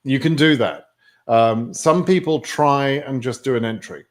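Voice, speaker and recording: A man's voice: mid-range voice, a little slow. A man with an English accent answering viewer questions on a live stream, in a chatty way with many fillers. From England.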